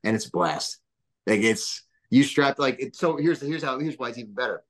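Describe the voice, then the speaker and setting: A man's voice: medium pitch, normal speed. A man in his thirties, a guest on a podcast, telling casual stories in a rambling way full of fillers. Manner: rambling, filler-heavy, animated. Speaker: podcast guest, business founder. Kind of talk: casual storytelling interview.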